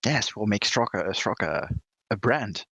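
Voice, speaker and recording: A man's voice: on the low side, expressive, normal speed, sharp tone, slightly rough, dry recording. A man playing a tabletop game, making dry, wry jokes. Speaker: player.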